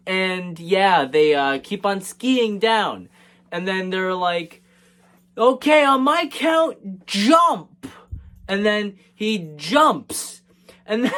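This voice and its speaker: A man's voice: high voice, fairly bright tone. A man casually recapping a movie in a rambling, joking way, with frequent hesitations and fillers. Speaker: movie reviewer.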